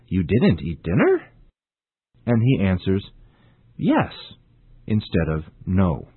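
A man hosting a scripted radio lesson on English, speaking slowly and deliberately with a very lively, sing-song intonation. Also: on the low side, slightly rough, no echo. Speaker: English teacher, show host. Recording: tinny phone-like band.

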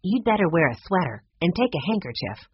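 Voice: mid-range voice, big pitch swings, brisk, slightly rough. A reader voicing a polite, caring young girl in a storybook reading. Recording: muffled lo-fi audiobook recording.

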